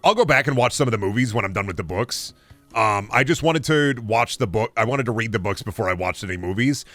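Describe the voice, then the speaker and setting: A man's voice: fairly low pitch, expressive, brisk, a bit bright, no room sound. Guy streaming and rambling, swears a lot, sarcastic, faint music behind. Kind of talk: casual stream chat.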